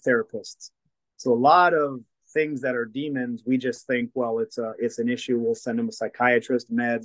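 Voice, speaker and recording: A man, a guest in a conversation, telling a personal story in a lively way and acting out the dialogue of the people in it. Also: medium pitch, no room sound, low-quality recording. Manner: lively storyteller who acts out quoted dialogue. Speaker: guest, deliverance minister and former counselor. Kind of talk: storytelling testimony in casual conversation.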